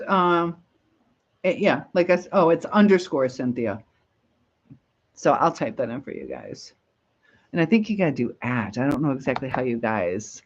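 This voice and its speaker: A woman's voice: a bass voice, breathy edge. Rambling woman on lo-fi livestream. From Michigan, USA. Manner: rambling, reads viewer comments aloud, laughs often. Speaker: livestream host. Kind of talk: casual live chat.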